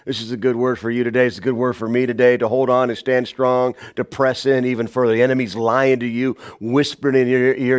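A pastor preaching a sermon, shouting some lines and dropping to a hushed voice on others. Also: male voice, steady tone, quick pace, hardly any pauses. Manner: dynamic preaching, swings from loud shouts to hushed low lines.

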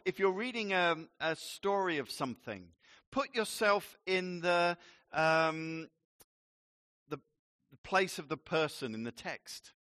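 A male pastor delivering a sermon in a bright, forceful voice. He moves slowly and leans on each word with emphasis, and drops in playful asides. His voice sits a little high for a man. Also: dry recording, studio quality.

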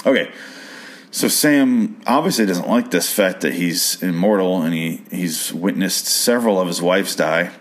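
A man's voice: low voice, a little slow. A man casually recapping a show's episode, profane and incredulous, prone to rambling rants.

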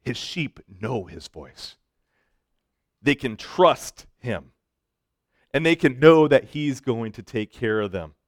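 A man preaching a sermon to students, swinging between loud emphatic lines and soft hushed ones, with joking asides. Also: medium pitch, animated, slow, long pauses, dry recording, studio quality. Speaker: pastor speaking to students.

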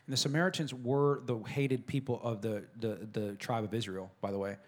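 A man's voice: mid-range voice, steady tone, brisk. A man who is a pastor, preaching a casual, joking sermon and talking straight to the congregation. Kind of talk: conversational sermon.

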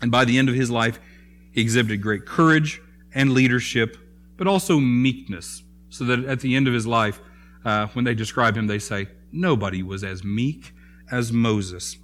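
A man preaching a sermon in a conversational way, often pausing with fillers and restarting his phrases. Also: mid-range voice, a bit bright. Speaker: pastor.

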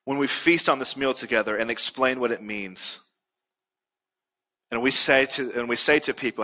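A man's voice: medium pitch, normal speed, long pauses, pushed and bright, in a large hall. A male pastor preaching a sermon earnestly, building to emphatic peaks.

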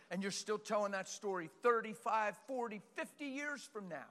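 A middle-aged male pastor preaching with passion, swinging between shouts and quiet, earnest talk. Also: sits high, lively intonation, moderate pace, hardly any pauses. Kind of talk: sermon. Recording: long hall reverb.

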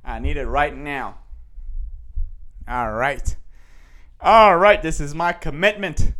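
Animated high-voiced man giving himself a pep talk. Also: slow. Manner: animated and self-motivating, with repeated catchphrases. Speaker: podcast host and stand-up comedian. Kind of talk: casual solo podcast monologue.

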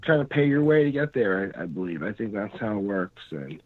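A man's voice: on the low side, sing-song. Man with a tinny phone-line sound. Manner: rambling, halting, filler-heavy. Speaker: pro wrestler guest. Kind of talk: casual podcast chat.

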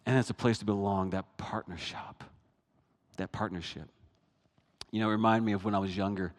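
Animated male preacher in a reverberant hall. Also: on the low side, fairly quick. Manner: animated, with dramatic swings from hushed to loud. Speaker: pastor. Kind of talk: sermon.

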